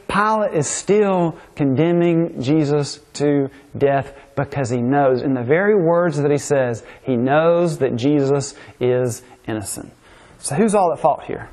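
A man's voice: fairly high pitch, a little mellow. A man preaching a conversational sermon, often checking in with "right?". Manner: informal, keeps asking "right?".

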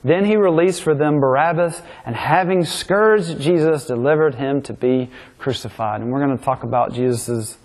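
A man's voice: mid-range voice, moderate pace, few pauses, a little mellow. A man preaching a conversational sermon, often checking in with "right?". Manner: informal, keeps asking "right?".

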